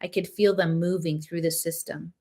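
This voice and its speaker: A woman reading a novel aloud, narrating in the first person with a steady, plain delivery. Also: on the low side, normal speed. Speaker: reader.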